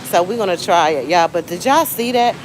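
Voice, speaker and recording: Here a fairly low-pitched, expressive woman with a Southern US accent chats briskly to livestream viewers while shopping for groceries, phone in hand. She breaks into sudden exclamations now and then, and the store's ambient noise comes through clearly.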